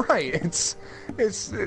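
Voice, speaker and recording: A man co-hosting a podcast, telling a rambling story in casual chat with restarts and laughs. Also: sits high. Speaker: podcast co-host. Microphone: home podcast mic.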